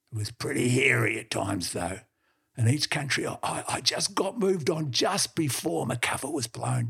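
A man voicing a gruff old male farm dog, boastfully spinning yarns and barking between tales. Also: mid-range voice, a bit bright, full character voice. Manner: boastful yarn-spinner, barks "boof".

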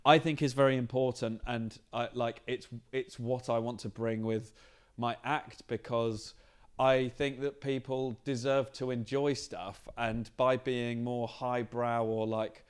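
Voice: medium pitch, clean tone. A non-binary comedian, a podcast guest in casual chat, talking thoughtfully with frequent restarts in a backstage green room. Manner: thoughtful, searching, many restarts.

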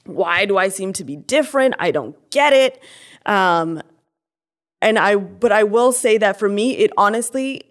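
A woman's voice: medium pitch, lively intonation, a little slow. A young adult woman giving a candid personal testimony as an interview guest, talking earnestly with many fillers and restarts.

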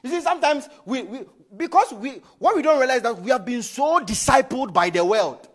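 A man with a strikingly high voice preaches to his congregation. His pitch leaps up and down as he swings from loud, forceful emphasis to hushed asides. He keeps checking in with the congregation as he talks. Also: expressive, brisk. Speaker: pastor. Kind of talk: sermon. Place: church.

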